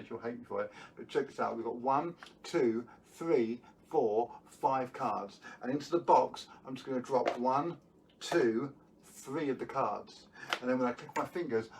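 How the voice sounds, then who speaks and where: A middle-aged man doing magic tricks and telling self-deprecating stories in chatty live patter. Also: mid-range voice. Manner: chatty, self-deprecating storytelling with filler words. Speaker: magician performer. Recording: distant mic, faint room noise.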